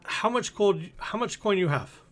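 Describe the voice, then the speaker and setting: A man voicing a brisk male merchant in a port city, speaking in a put-on accent for a tabletop game. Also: high-pitched, expressive, a bit bright, pitched above the performer's own voice. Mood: eager.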